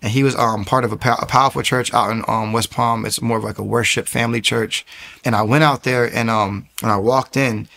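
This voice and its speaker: A man's voice: medium pitch, a little fast, vocal fry. A young man from the United States, casually telling his personal testimony and acting out the people he quotes. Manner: animated, acts out quoted voices.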